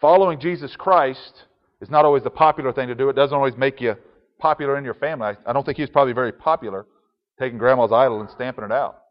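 A man's voice: mid-range voice, fast, lo-fi sound. Man preaching in a reverberant hall. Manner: conversational, chuckling asides. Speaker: pastor. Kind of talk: sermon.

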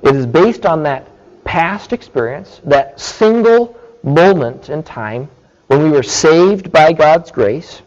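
A man preaching a sermon, explaining scripture slowly and deliberately and checking in with his listeners. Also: a little high, expressive, a little mellow, muffled recording. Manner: slow, deliberate teaching with frequent "okay" check-ins.

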